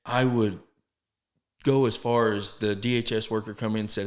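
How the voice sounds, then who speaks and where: A man with a fairly low voice tells his story as a podcast guest. He speaks earnestly and haltingly, starts sentences over, and acts out what others said to him. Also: little pitch movement. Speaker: podcast guest, sober living founder. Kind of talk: casual storytelling interview.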